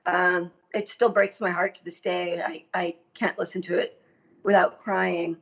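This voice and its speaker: A middle-aged woman from Massachusetts, a guest on a casual podcast, talking in a chatty, animated way and swearing casually. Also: on the low side, unhurried, gravelly, husky, low-quality recording. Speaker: guest, actress. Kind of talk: casual chat. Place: Los Angeles.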